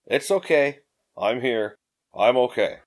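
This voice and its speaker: A man's voice: mid-range voice, lively intonation, slow pace. A man voicing a brash, swearing young woman adventurer in an audiobook. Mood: urging. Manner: blunt, swearing, impatient.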